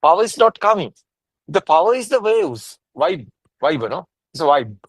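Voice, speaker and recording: A man teaching Buddhism in a casual discussion over a video call, halting and repetitive, with frequent soft laughs. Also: on the high side, big pitch swings, dry recording, rough recording.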